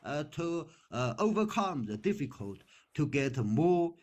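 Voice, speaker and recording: A man in his sixties, retired, speaking simple, halting non-native English with many fillers in a casual practice conversation. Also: on the high side, sing-song, a little mellow.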